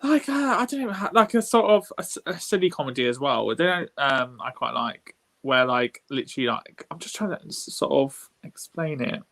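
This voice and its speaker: A man's voice: mid-range voice, lively intonation, moderate pace, vocal fry, few pauses, fairly bright tone. A man with a British accent chatting casually on a podcast, rambling through his thoughts and filling them with "like". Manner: rambling, heavy use of "like", gushing. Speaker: co-host.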